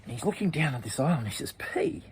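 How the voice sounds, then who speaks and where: A man reading a children's story aloud, chatty, with asides and hushed passages. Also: medium pitch, very animated, racing, a little hiss or hum.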